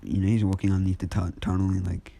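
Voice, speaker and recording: Low, mellow-voiced man rambling a story. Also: little pitch movement, fast, gravelly, slight background noise. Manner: rambling, full of fillers and restarts. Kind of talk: casual fan story retelling.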